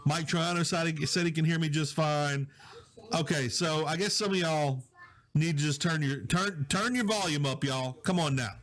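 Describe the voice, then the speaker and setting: A man from Southwest Louisiana, hosting a casual live stream from his home office, chatting with viewers and reading their comments, on a quiet, low-volume mic. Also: normal speed. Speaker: digital host. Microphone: low-volume mic with problems.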